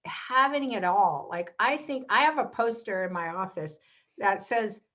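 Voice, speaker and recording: A woman appears as a guest in a casual interview, animatedly telling personal stories and imitating the voices of the people she quotes. Her pitch is medium and her pace unhurried, and the audio sounds dull.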